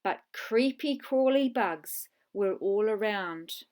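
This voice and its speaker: A woman narrating a children's storybook in a clear, measured way with dramatic pauses. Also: medium pitch, lively intonation, a little mellow.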